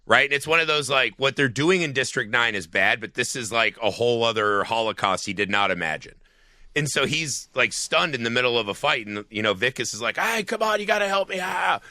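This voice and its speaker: A man's voice: medium pitch, brisk, no echo. A man co-hosting a podcast, chatting casually about a film and retelling its scenes with plenty of swearing. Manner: profane, animated scene retelling. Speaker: podcast co-host.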